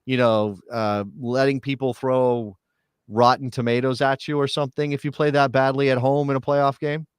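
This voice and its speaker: A man's voice: medium pitch, level tone, moderate pace, smooth, dry recording. A man hosting a live sports talk show, chatty and joking, with many fillers and restarts. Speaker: podcast host.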